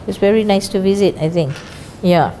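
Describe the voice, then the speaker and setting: A woman teaching an English class, lively and questioning, explaining words and their pronunciation. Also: medium pitch, normal speed, a little hiss or hum.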